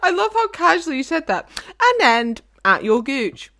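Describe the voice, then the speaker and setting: Playful, lively woman podcast co-host. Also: high-pitched, normal speed. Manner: playful and teasing. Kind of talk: casual chat.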